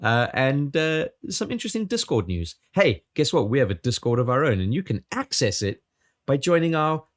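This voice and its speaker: A man hosting a casual podcast with a sore throat, rattling through the housekeeping in a quick radio-host manner with stumbles. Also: medium pitch, very animated.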